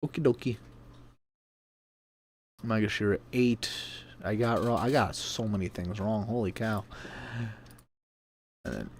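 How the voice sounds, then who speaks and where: A man's voice: on the low side, unhurried, pauses often, slight background noise. A man hosting a casual livestream from home, chatty and self-deprecating, laughing often and eating between remarks. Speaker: sumo livestream host.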